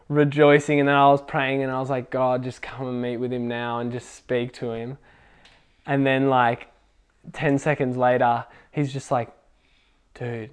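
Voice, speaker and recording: A young man telling a faith testimony at a casual youth gathering, excitable and full of fillers. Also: mid-range voice, clean tone. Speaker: youth group speaker.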